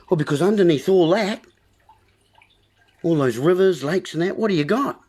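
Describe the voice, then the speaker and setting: A man's voice: high-pitched, lively intonation, darkish tone. Folksy man ranting on a livestream. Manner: folksy, preachy, drawn-out asides to viewers. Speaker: livestream host. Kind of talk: rambling wordplay monologue.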